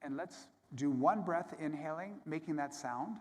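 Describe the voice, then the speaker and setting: Calm man guiding yoga in a hall. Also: a little high, a little slow, few pauses. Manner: calm, gentle, step-by-step cueing. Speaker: yoga teacher. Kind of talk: guided yoga instruction to a live audience. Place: large hall at a yoga summit. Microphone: microphone. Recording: long hall reverb with faint room ambience.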